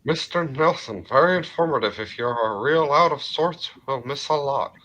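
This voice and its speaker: A man doing an impression of a middle-aged cartoon propane salesman, reading chat messages in a slow twang. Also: fairly high pitch, pushed and bright, a little hiss or hum, voice pushed up, poor audio. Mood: folksy. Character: drawling middle-aged male propane-selling cartoon dad.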